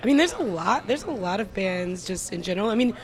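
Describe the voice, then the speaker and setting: A woman's voice: mid-range voice, big pitch swings, fast talker. A young woman from Louisiana, a band singer chatting in an interview, playful and hesitant with lots of fillers. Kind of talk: casual interview chat.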